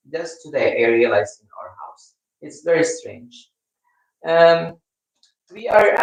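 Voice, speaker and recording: A man's voice: fairly high pitch, vocal fry. Filipino man in a very echoey room. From Philippines. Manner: rambling, halting, with many restarts. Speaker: live stream host. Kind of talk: casual live-stream chat with viewers. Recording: echoey room, mic at a distance.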